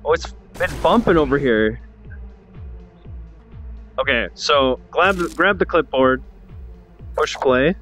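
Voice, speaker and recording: A young man streaming a VR game, joking around and reacting loudly as he plays. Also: medium pitch, slow, long pauses, faint music behind. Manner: excitable, jokey, loud reactions. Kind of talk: casual game commentary.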